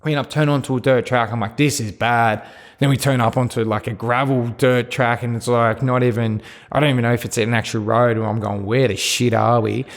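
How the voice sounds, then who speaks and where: A man's voice: medium pitch, steady tone, quick pace, few pauses. A man with an Australian accent, a podcast guest telling his own story in a frank, rambling way, swearing and restarting sentences. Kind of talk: candid personal storytelling interview.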